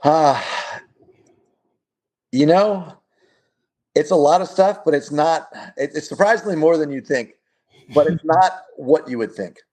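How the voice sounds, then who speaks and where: A man as an interview guest, telling stories in a relaxed way with lots of filler words and frequent chuckles. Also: on the high side, measured pace, pauses often. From United States. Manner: relaxed storytelling, chuckles often, many fillers. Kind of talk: casual interview conversation.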